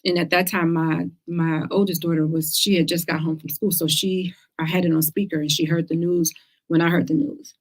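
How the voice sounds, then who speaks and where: A middle-aged woman hosts a casual livestream talk. Her voice sits a little low, and she speaks earnestly, stressing her points by repeating words. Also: little pitch movement, fairly quick. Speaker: host of a cancer talk show.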